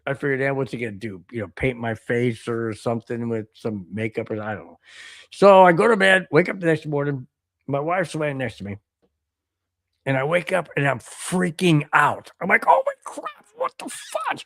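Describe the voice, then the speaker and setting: An American man co-hosting a laid-back sports podcast rambles through a story and reads viewer chats with excitement. His medium-pitched voice has vocal fry and a moderate pace, captured in a dry, studio-quality recording.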